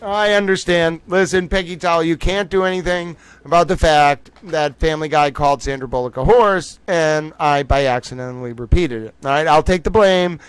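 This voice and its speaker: A man hosting a casual livestream, joking around as he reads the chat aloud in a somewhat high, animated voice. The sound is close and dry, with no room echo. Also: normal speed, few pauses, clear, resonant tone. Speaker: livestream host.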